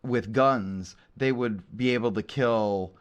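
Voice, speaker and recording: A man's voice: medium pitch, takes it slowly. A man co-hosting a podcast in casual chat, joking and teasing his co-host.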